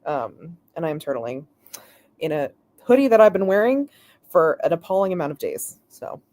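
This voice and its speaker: Lively, chatty woman streaming from bed. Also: sits low, moderate pace. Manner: chatty and giggly, full of fillers. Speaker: streamer host. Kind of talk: casual chat on a live stream. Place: lying in bed at home. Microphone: headphones with mic.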